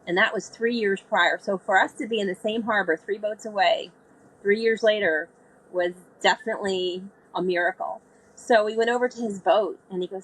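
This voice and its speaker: Guesting on an interview, a woman sailor tells a vivid story and animatedly acts out the voices of the people she quotes. She speaks briskly in a mid-range, slightly rough voice. The recording is rough.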